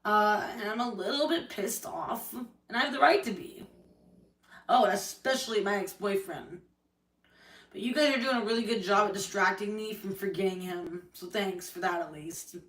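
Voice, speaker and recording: Far from the mic in an echoey room, a woman with a medium-pitched, slightly bright voice talks at a moderate pace. Her livestream rant is angry and tearful, full of swearing about her family and the hurt she feels.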